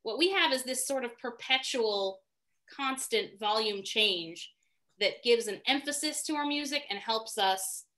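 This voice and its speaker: A woman's voice: on the high side, pushed and bright. A woman teaching a live online singing class in a chatty, self-deprecating way, thinking aloud as she explains, heard over a video call. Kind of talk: live online music lesson.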